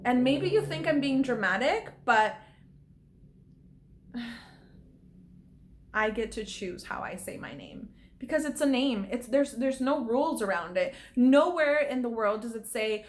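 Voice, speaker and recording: Young woman, actress vlogging, fairly high voice, earnest, worked up, laughs often. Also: animated, unhurried. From California. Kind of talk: casual vlog talk to camera.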